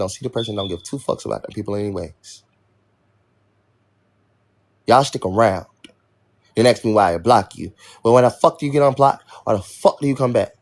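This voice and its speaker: A young man hosting a livestream rants at his chat, irritated and cursing freely. His voice is fairly low and a little mellow.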